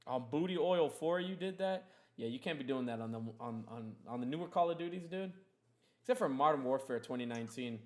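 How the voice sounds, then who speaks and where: A man's voice: medium pitch, expressive, fairly quick. A young man hosting a casual podcast, ranting in a heated, profane, rambling way. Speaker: podcast host.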